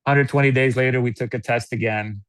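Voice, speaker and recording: An American man giving casual sales coaching, animated, laughing often and acting out customer dialogues. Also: medium pitch, fairly quick, no room sound. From United States. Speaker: network marketing guest.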